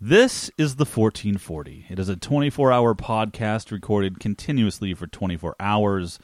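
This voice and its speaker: A man's voice: lowish voice, moderate pace, dry recording, clean studio sound. A young man co-hosting a casual podcast, chatty and rambling, laughing easily as he talks. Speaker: podcast co-host. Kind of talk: casual chat.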